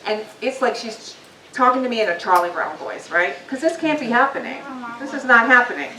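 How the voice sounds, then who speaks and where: A guest speaker, a woman with a fairly high, expressive voice, talks a little fast in a pushed, bright tone. She gives a personal motivational talk to a live audience in a meeting hall, candid and conversational, with frequent ums. The recording sounds roomy and distant, with faint noise.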